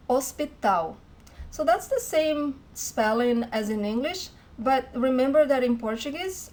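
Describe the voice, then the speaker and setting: A woman teaching a language lesson, explaining clearly and patiently, repeating words slowly for learners. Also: mid-range voice, a little mellow, a little hiss or hum. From Brazil. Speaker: Portuguese teacher.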